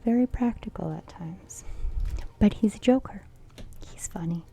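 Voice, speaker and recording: A middle-aged woman doing a casual card reading, playful and giggly, often dropping into a soft whisper. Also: mid-range voice, measured pace, vocal fry. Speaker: tarot reader.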